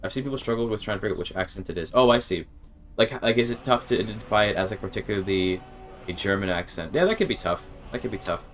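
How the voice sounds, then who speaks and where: A man's voice: lowish voice, lively intonation, quick pace, soft background music. A man streaming a video game, chatting casually with his viewers, swearing and restarting sentences when frustrated. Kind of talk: casual gaming livestream commentary.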